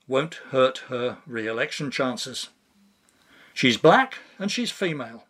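A man's voice: a little high, a bit bright. A man reading a scripted commentary monologue in a dry, sardonic manner. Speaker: podcast commentator.

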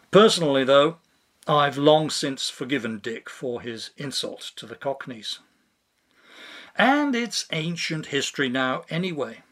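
Man, scripted commentary, dry sardonic delivery, slow and measured, slightly high voice. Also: a bit bright. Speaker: podcast commentator.

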